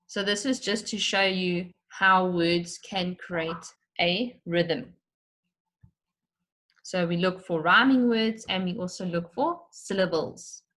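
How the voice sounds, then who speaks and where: Slow, patient woman teacher. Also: lowish voice, fairly bright tone. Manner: explains step by step, stretching out words to show syllables. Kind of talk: slow, patient online lesson for children.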